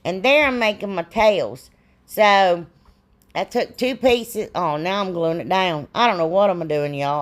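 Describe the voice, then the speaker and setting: A middle-aged woman, rambling and self-deprecating as she explains a craft in a casual tutorial. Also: lowish voice. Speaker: DIY crafts channel host.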